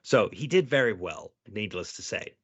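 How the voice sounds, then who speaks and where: Very deep-voiced blunt joking man. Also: animated, moderate pace, breathy edge, dry recording. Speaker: podcast co-host. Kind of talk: casual chat. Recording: dry, dull lo-fi podcast audio.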